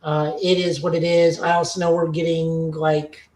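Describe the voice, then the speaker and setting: A woman's voice: low-pitched, flat delivery, moderate pace, darkish tone, a little hiss or hum. A woman co-hosting a casual podcast chat, giving an opinionated, nitpicky review. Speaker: podcast co-host. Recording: roomy echoing recording.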